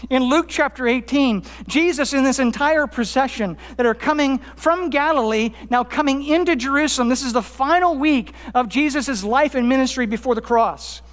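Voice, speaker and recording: Man preaching in an echoing hall. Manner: emphatic preaching, rising for quotes, dropping low on key points. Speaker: pastor. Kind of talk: sermon. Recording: long hall reverb.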